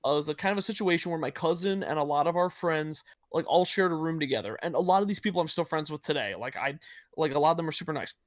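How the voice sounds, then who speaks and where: A man co-hosting a podcast, telling a story in a quick, rambling casual chat. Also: on the high side, dry recording, studio quality. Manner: quick, rambling with many "like" fillers. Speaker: podcast co-host.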